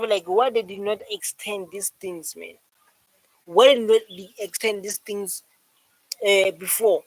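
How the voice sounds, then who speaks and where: A man's voice: high voice, no echo, rough recording. A man reacting to a speech in casual, rambling commentary, emphatic and repeating himself. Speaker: reaction video host.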